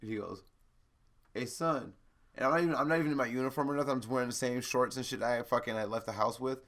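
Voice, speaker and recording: A young man co-hosting a podcast, telling profane stories animatedly with loud laughs. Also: medium pitch, racing. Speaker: podcast co-host. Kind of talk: casual chat.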